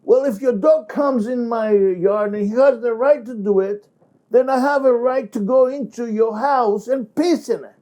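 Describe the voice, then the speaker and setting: A man voicing an obnoxious, fearless ex-Marine who angrily confronts his neighbor, pitched well above his own voice. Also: moderate pace. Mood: furious. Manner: shouting angrily, higher and louder than his own voice.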